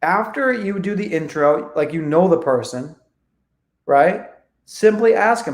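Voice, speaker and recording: Man, high voice, energetic coach, swears, acts out calls, echoey room. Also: unhurried. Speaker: real estate coach. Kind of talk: live online training.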